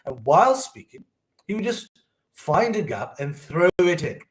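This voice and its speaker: A man's voice: fairly high pitch, sing-song, a little slow, a little hiss or hum. Young guy talking earnestly about growing up, gets emotional, echoey room. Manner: earnest, emotional storytelling with quoted asides. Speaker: host. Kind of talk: personal reflective monologue.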